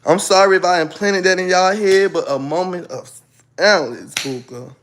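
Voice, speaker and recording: Guy on a live stream spilling his story, dramatic and loud at times, kinda high voice. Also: normal speed, slight background noise. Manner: animated, dramatic, loud outbursts. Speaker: livestreamer. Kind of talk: livestream storytelling to viewers.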